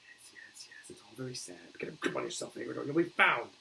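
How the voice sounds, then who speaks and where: A man reading a storybook aloud and voicing a stern older witch who speaks in sharp, hushed, scolding tones. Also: mid-range voice, lively intonation, fast talker, creaky, slightly rough, voice pushed up, exaggerated voice. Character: stern older witch, strict but caring.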